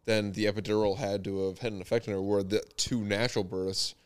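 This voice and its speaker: A man hosting a podcast who chats casually and chimes in with quick reactions and jokes. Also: fairly low pitch, flat delivery, clear, resonant tone. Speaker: podcast host. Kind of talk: casual chat.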